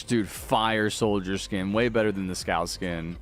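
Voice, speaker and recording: A man's voice: fairly low pitch, fairly even intonation, unhurried, fairly bright tone, soft background music. A man live-streaming a video game, chatting casually, reading viewer messages aloud and thanking donors. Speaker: livestreaming gamer.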